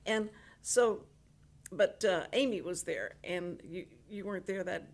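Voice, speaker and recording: A woman's voice: on the low side, measured pace. Chatty older woman hosting radio. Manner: chatty, animated storyteller with many restarts. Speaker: radio host. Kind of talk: casual radio interview.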